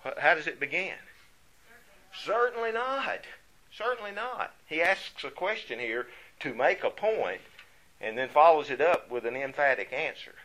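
Guy preaching a sermon, pitch all over the place, keeps asking questions then answering them hard. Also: lively intonation, normal speed, a bit bright, rough recording. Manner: emphatic, asks and answers rhetorical questions.

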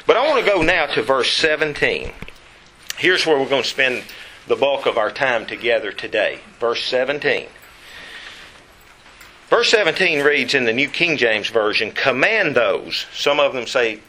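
A man preaching a Bible lesson, emphatic and slowing down to stress key words. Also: mid-range voice, bright, forceful tone.

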